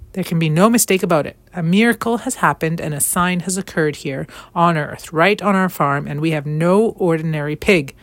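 A middle-aged farmer man in a storybook, solemn and awed, pressing his point with grave insistence, as a woman reads him. The voice sits fairly low and dry, close to the mic. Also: no room sound, lightly acted.

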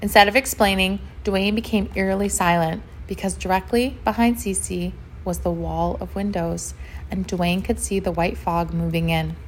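A woman narrating a children's story in a gentle, expressive way, with chatty asides to the listener. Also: medium pitch, normal speed, a little hiss or hum.

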